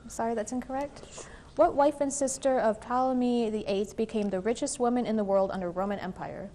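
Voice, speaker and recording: A woman moderating a quiz competition, reading questions and rulings in a measured, formal way with an occasional "um". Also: fairly high pitch, steady tone, dark tone, a little hiss or hum.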